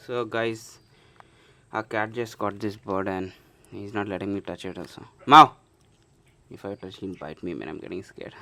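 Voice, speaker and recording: Bright-voiced man coaxing his cat. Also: on the low side, moderate pace, pauses often. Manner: coaxing a cat, often calling out loudly. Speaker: vlogger. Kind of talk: casual vlog talk to camera.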